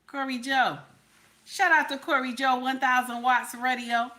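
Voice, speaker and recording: A woman's voice: high-pitched, level tone, a little slow, pushed and bright. A woman hosting a live stream, preaching and sassy, repeating herself for emphasis. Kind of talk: casual live-stream commentary.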